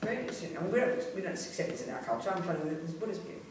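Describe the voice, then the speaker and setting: A woman's voice: lowish voice, expressive, very fast, background noise. A woman, a Buddhist nun, giving a blunt, emphatic and earthy teaching talk in a centre's hall. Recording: echoey room, voice from a distance.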